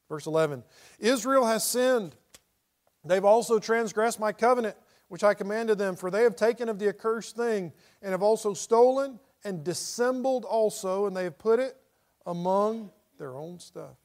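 A man's voice: high voice, moderate pace, darkish tone. A middle-aged man teaching a Bible study in a conversational way, reading scripture aloud with dramatic inflection.

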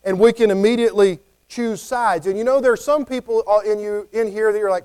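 A man's voice: high voice, steady tone, brisk, hardly any pauses, mellow, clear, resonant tone. A man preaching a conversational sermon, often acting out what people might say. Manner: conversational, acts out quoted voices.

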